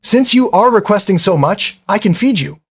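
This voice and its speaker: A man's voice: high voice, expressive, normal speed, husky, pitched above the performer's own voice, full character voice. A man voicing a playful, teasing teenage girl.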